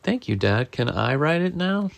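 A man's voice: on the high side, sing-song, moderate pace, creaky, voice pushed up. A man voicing a cheerful little boy tiger cub while reading a picture book aloud, in an eager, bouncy voice. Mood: excited.

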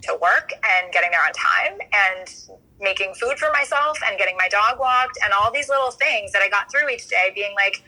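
A woman guest on a podcast, telling her story in an earnest, animated way. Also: mid-range voice, normal speed, poor audio. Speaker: coaching client and guest. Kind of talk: casual podcast interview.

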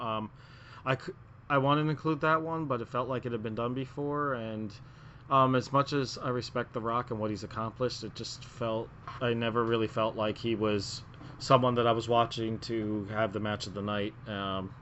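A man rambles through his picks as a podcast co-host, circling back with frequent ums and restarts. His voice sits at an ordinary middle pitch. The recording is muffled and lo-fi, with a faint hiss underneath. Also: sharp tone. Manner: rambling, lots of filler words and restarts. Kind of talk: casual wrestling podcast chat. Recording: muffled lo-fi audio.

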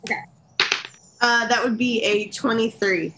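A woman's voice: a little high, measured pace, roomy sound, noisy background. A woman playing a tabletop game, talking earnestly about her character's actions. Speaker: player.

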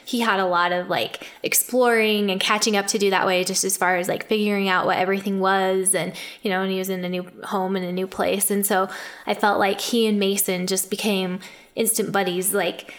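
A woman's voice: medium pitch, flat delivery, fairly quick. A woman co-hosting a podcast, an adoptive mother telling stories about her children in a casual, chatty way, full of filler words. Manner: chatty, many "like" fillers, laughs often. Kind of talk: casual storytelling.

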